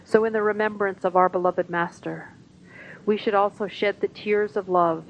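A woman reading a translated spiritual talk and hymn lyrics aloud, slow and devotional. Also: mid-range voice, fairly even intonation. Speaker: satsang reader. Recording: dull, lo-fi recording with faint hiss.

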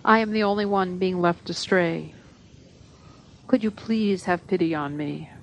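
A woman reading a spiritual talk aloud at a gathering, in a measured, earnest voice. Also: fairly low pitch, slight background noise, rough recording.

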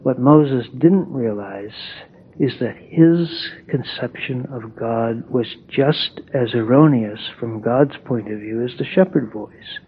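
A man giving a reflective spiritual talk, pausing thoughtfully as he reads and comments on passages. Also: mid-range voice, slight background noise. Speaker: satsang speaker. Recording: tinny phone-like sound.

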